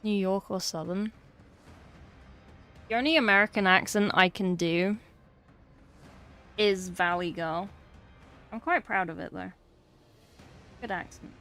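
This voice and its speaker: An English woman chats casually on her livestream, swearing freely and slipping into exasperated asides. Her voice sits at an ordinary middle pitch for a woman. Faint music plays quietly behind her. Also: measured pace, pauses often. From England. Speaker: streamer.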